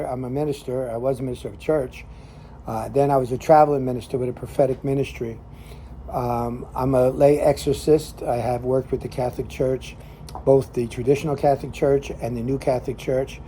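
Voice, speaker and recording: An older New Jersey man with a Northern New Jersey accent hosts a cigar show and also serves as a lay minister. His medium-pitched, dark voice carries a faint hiss or hum as he rambles through a folksy story packed with fillers, a casual storytelling monologue.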